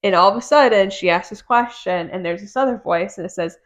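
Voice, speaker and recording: A woman's voice: fairly low pitch, a little fast, few pauses, highs cut off. A woman co-hosting a podcast, chatting casually about a book and retelling scenes in quoted dialogue. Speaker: podcast co-host.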